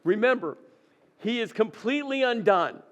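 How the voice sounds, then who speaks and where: A man's voice: high-pitched, expressive, moderate pace, fairly bright tone. A male pastor preaching a sermon, retelling a scripture story and acting out its dialogue with rising intensity.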